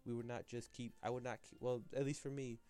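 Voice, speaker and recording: A man's voice: mid-range voice, level tone, a little fast, warm tone. A young man talking alone on his podcast, rambling and restarting his sentences, full of filler words. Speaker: podcast host. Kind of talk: solo podcast monologue.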